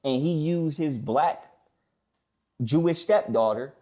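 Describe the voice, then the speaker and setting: A man talking bluntly in a casual podcast conversation. He swears freely and slows down to repeat his main points. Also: on the high side, warm tone. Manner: blunt, profane, stops to repeat key points slowly. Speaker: podcast guest.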